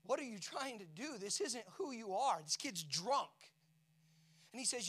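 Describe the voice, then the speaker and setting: Middle-aged male pastor, high voice, emotional sermon delivery, hushed to shouting. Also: big pitch swings, measured pace, slightly rough. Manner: emotional storytelling preaching, swinging from hushed to shouting.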